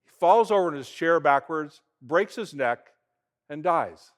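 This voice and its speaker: A man, a pastor, giving a conversational sermon and retelling events in everyday, animated talk. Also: fairly high pitch, unhurried.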